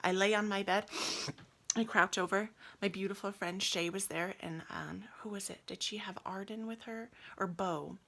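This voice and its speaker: A young adult woman telling her own birth story with feeling, acting out what was said and dropping to soft whispers. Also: mid-range voice, normal speed, vocal fry. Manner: animated, acts out quotes, swings to soft whispers. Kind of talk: emotional personal storytelling.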